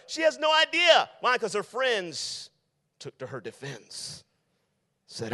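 A man's voice: very high voice, wildly swooping pitch, slow pace, sharp tone, long reverb tail. A male youth pastor preaching to teenagers in an emphatic style, repeating his key lines. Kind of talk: sermon.

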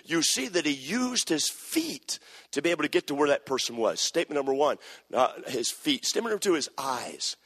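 A male pastor preaching to his church with a husky, slightly higher voice. He moves between quiet confiding stretches and loud shouted passages. The sound rings with the long reverb of a church hall. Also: very animated, fairly quick. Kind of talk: sermon.

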